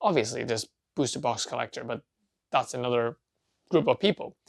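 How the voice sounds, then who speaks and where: Chatty video host with a gravelly voice. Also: medium pitch, lively intonation, a little fast. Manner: chatty, asks and answers own questions. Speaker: collecting channel host. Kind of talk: casual talk to camera.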